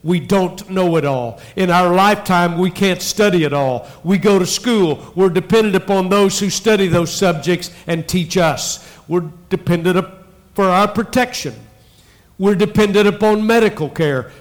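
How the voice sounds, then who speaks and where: A male pastor preaching a sermon in a church, emphatic with dramatic pauses. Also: high-pitched. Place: church sanctuary.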